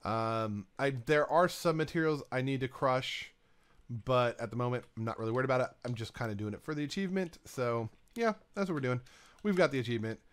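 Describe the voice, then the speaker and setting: Male let's-play host, mid-pitched, talks to himself while building, keyboard clicks behind. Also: brisk, clean tone. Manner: talks to himself and game items, rambling. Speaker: gaming YouTuber. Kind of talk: casual let's-play commentary.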